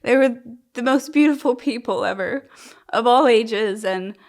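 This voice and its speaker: A woman's voice: fairly high pitch, unhurried, darkish tone. A young woman interviewee telling her own story candidly, rambling with lots of "like" fillers and restarts. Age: young adult. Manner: open and emotionally frank.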